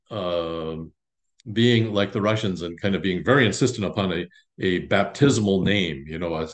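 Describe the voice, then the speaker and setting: A man, a priest of an Orthodox parish, teaching his congregation in an informal, halting way with frequent restarts. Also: deep voice. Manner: halting, many restarts and fillers, conversational.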